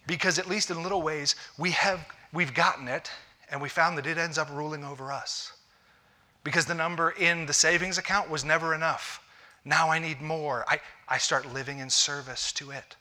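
Male pastor, sermon delivery, very bright tone, slightly high voice, conversational with restarts. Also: fairly even intonation, moderate pace. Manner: conversational preaching with repeated restarts.

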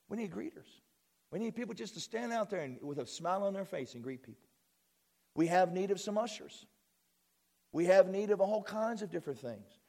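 A man pastoring his church, preaching a sermon with folksy asides and sudden rises in pitch and volume. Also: darkish tone.

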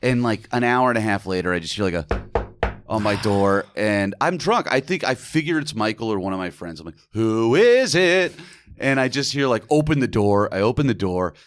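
A young man from Atlanta telling a drunken high school story on a podcast, acting out the people in it in a loose, profane way. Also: brisk. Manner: animated, profane, acts out voices in anecdotes. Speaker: podcast guest. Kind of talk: casual storytelling chat.

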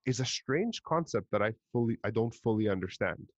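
Man for a casual podcast chat. Animated delivery with a swinging, lively pitch. Dry close sound. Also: dry recording. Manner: animated, quick asides, mimics other people's remarks. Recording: dull lo-fi recording.

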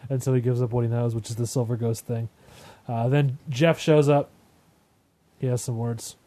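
A man's voice: medium pitch, little pitch movement, moderate pace, warm tone. A man co-hosting a podcast from home, chatting casually about a TV episode and laughing often. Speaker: podcast co-host. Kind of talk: casual chat recapping a TV episode. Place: home, kids audible outside.

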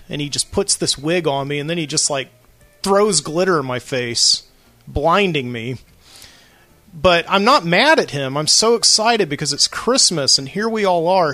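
A man's voice: fairly high pitch, bright, forceful tone, no room sound. A man hosting a late-night solo podcast from a studio, telling a long rambling story with lots of fillers. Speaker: podcast host.

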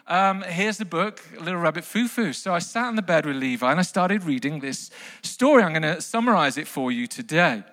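A man preaching a lively sermon to a congregation, telling a children's story with big bursts of mock outrage. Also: fairly high pitch, fairly quick. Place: large hall with long reverb. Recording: live sermon in a reverberant hall.

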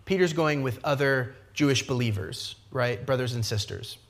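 A man preaching a sermon, retelling scripture in a lively conversational way, often adding asides and briefly acting out the characters' lines. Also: medium pitch. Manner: lively expository preaching, frequent asides with "right?"; acts out the characters' lines in quick voices. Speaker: pastor.

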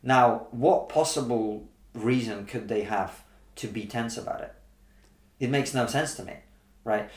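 A man's voice: mid-range voice, roomy sound. A comedian from Russia talking in a casual conversation, arguing his point with lots of rhetorical questions. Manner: animated, argumentative, rhetorical questions. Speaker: comedian guest.

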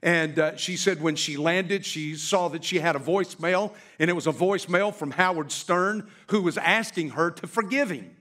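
A middle-aged male pastor telling a story in a sermon, slowing down and drawing out key words for emphasis. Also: on the high side, bright, forceful tone.

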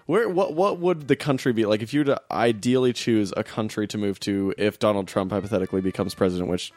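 A man's voice: fairly low pitch, fast talker, a little mellow, dry recording. A man co-hosting a casual podcast, joking around and laughing often. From United States. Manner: laughs often, jokey impressions. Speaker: podcast co-host. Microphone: studio microphone.

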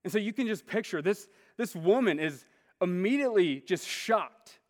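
High-voiced man preaching in a reverberant hall. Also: lively intonation, normal speed. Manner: casual, conversational, says "like" often. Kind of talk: sermon.

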